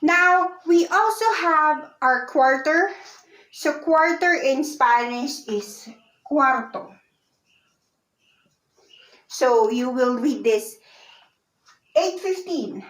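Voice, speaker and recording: A woman's voice: high voice, very slow, long pauses, a bit bright. A woman teaching a beginners' language lesson, patiently repeating and spelling out each word. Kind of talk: slow, deliberate lesson explanation. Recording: echoey room.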